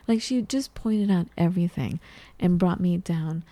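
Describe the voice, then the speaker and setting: A woman's voice: on the low side, moderate pace, dry recording. A woman co-hosting a casual talk show, telling a personal story and acting out conversations along the way. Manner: storytelling, animated retelling of conversations. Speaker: co-host. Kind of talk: casual chat.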